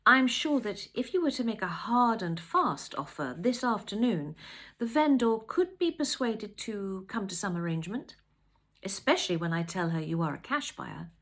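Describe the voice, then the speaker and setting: A woman's voice: mid-range voice, animated, normal speed, a bit bright. A woman playing an eager young estate agent. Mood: smooth. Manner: polished sales patter.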